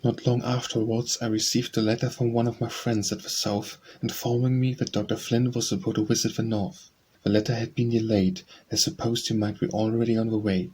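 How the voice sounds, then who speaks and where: A man narrating an audiobook memoir in a measured, even reading. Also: on the low side, a little hiss or hum. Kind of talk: scripted narration.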